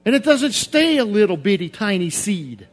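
A man with a high voice preaches a sermon in an emphatic, repetitive cadence. He drops to quiet confession, then rises to shouted outbursts. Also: very animated, moderate pace.

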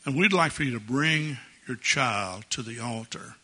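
Bright, husky older pastor. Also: male voice, mid-range voice, moderate pace. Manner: folksy, jovial, chuckles often. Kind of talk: sermon. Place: church sanctuary.

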